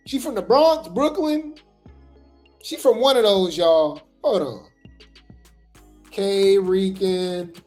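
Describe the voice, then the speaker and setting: A woman's voice: medium pitch, a little mellow. Sassy woman gossip host. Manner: chatty, sassy, addresses viewers as y'all. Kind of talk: casual gossip commentary.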